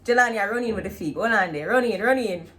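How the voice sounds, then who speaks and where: A woman with a Jamaican accent hosting a casual video chat, relaxed and laughing often as she slips into patois. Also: medium pitch, quick pace. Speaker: vlog host. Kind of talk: casual chat comparing dialects.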